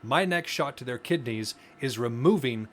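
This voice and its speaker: A man's voice: mid-range voice, expressive, normal speed, fairly bright tone, a little hiss or hum. A man co-hosting a podcast, explaining ideas earnestly in casual conversation, often restarting his phrases. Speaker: podcast co-host.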